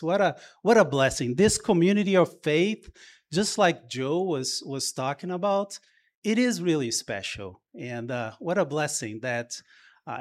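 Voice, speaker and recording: A man from Brazil with a Brazilian Portuguese accent, a pastor preaching a sermon to his church in a warm, halting way with many pauses and restarts. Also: on the high side.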